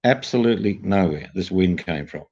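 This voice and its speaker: Older Australian male host, casual storyteller; very low husky voice, dull lo-fi audio. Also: lively intonation, normal speed, darkish tone. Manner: chatty storyteller, jokey. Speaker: livestream host. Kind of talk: casual chat. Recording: dull lo-fi sound.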